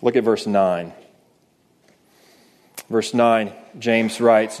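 A man's voice: on the low side, fairly even intonation, extremely slow, pauses often, darkish tone. Man preaching a conversational sermon. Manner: conversational preaching with rhetorical questions. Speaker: pastor.

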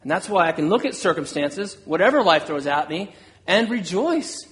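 A man's voice: sits high, big pitch swings, moderate pace, a bit bright. A man preaching a sermon, earnest, voicing an apostle's words with rising intensity. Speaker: pastor.

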